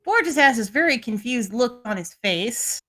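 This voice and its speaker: A woman's voice: fairly high pitch, lively intonation, moderate pace, sharp tone. A woman acting as game master, narrating a tabletop game in a chatty, loose way with lots of asides.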